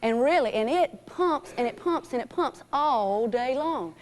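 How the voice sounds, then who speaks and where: A woman's voice: high voice, animated, a little slow. A woman teaching a children's fitness class in a gym, encouraging and calling out names and commands. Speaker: physical education teacher.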